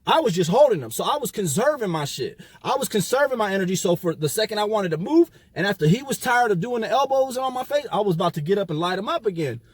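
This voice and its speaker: A man casually telling a personal story in street slang, with lively, profane delivery that acts out the dialogue. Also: high voice, fast talker, hardly any pauses, husky, no room sound.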